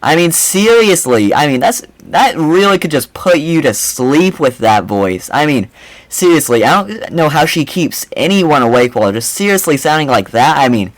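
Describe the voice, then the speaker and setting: Young man mocking a clip, lively voice. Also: on the high side, normal speed, no echo, poor audio. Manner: mocking, animated, rambling with repeated "I mean, seriously". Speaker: reaction video host. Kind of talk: casual reaction commentary.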